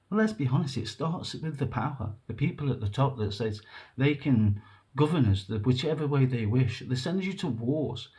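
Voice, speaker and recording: Earnest, halting man with a mellow voice. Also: mid-range voice, expressive. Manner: rambling, halting, earnest, with nervous laughs. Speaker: vlogger. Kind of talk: emotional personal monologue to camera.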